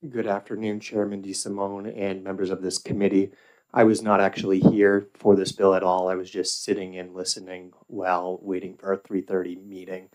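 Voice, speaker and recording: A middle-aged man giving formal testimony as a parent at a legislative hearing, measured, with filler pauses. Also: deep voice, monotone, a little mellow, rough recording.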